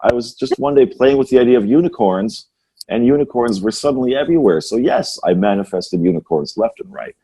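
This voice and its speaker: A man's voice: medium pitch, expressive, brisk, dark tone, breathy edge. A man hosting a podcast, chatting casually and musing in a rambling way, often tagging his points with "right?". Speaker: podcast host. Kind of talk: casual conversational chat.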